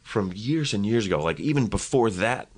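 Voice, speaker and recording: Comedian guy on a podcast, low voice, rambly and self-deprecating, just chatting. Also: expressive, normal speed. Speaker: comedian guest. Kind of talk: casual podcast chat.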